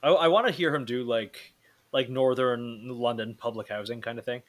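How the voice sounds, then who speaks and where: Blunt, swearing podcast host. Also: male voice, mid-range voice, moderate pace. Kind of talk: casual chat.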